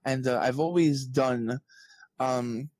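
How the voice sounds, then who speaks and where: A man's voice: medium pitch, slow, no room sound. Brief: thirtyish man, eager rambling storyteller, dry close recording. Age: early 30s. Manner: animated storyteller, heavy on "like" fillers. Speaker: guest, author and journalist. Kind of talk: casual interview chat.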